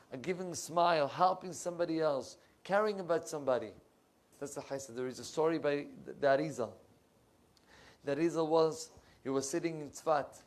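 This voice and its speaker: Impassioned rabbi preaching a sermon. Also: male voice, fairly high pitch. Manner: impassioned, rising loud when telling stories, dropping to soft asides; searches for English words mid-sentence. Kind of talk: sermon with storytelling. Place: synagogue.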